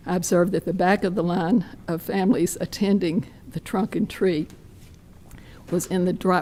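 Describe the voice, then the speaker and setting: A hoarse woman giving a detailed, measured public comment at a podium mic in a county meeting room. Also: fairly low pitch, a little mellow.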